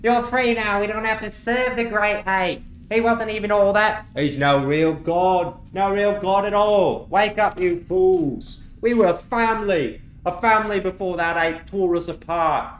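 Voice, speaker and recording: A man's voice: high voice, unhurried, few pauses, roomy sound, voice pushed up. A man voicing a desperate male goblin who pleads frantically with his kin. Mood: pleading.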